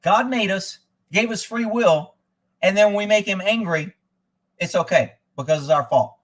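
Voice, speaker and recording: A man's voice: high-pitched, normal speed, fairly bright tone. A man hosting a casual live stream, ranting sarcastically and muttering as he reads aloud and answers chat. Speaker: livestream host.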